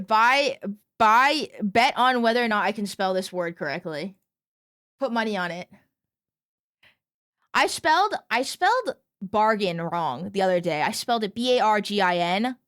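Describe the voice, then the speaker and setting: A woman's voice: mid-range voice, a bit bright, clear, resonant tone, no echo, studio quality. A young woman streaming, chatting casually with her chat in a playful, exclaiming, mock-ranting way, swearing freely. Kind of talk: casual livestream chat, reacting to chat.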